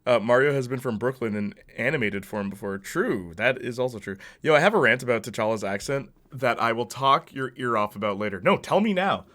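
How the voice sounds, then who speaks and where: Man, gaming streamer, casual commentary, laughs a lot, reads chat aloud, middle-pitched voice. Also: expressive, brisk, hardly any pauses, fairly bright tone.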